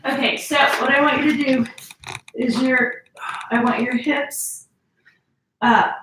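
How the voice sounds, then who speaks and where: Woman fitness instructor, slightly high voice, coaching reps, recorded from a distance in an echoey room. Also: fairly even intonation, slow, noisy background. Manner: coaching, counts reps, urges squeezing. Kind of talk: workout instruction.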